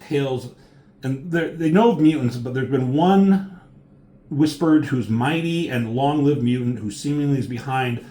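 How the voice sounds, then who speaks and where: A man walks through a comic book in a relaxed, unscripted review, his voice sitting at an ordinary middle pitch. He rambles, leans on ums and likes, and drops casual curses along the way.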